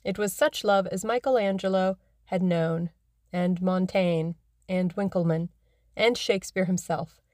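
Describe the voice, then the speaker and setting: A woman narrating a classic novel in a measured, even way, as scripted audiobook narration. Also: fairly low pitch, no room sound, clean studio sound.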